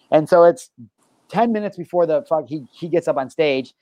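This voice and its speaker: Male live-show host, slightly high-pitched, lively swearing storyteller, dry close sound. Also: normal speed, no room sound. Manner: energetic, animated storyteller, swears freely. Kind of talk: casual live-stream chat and storytelling.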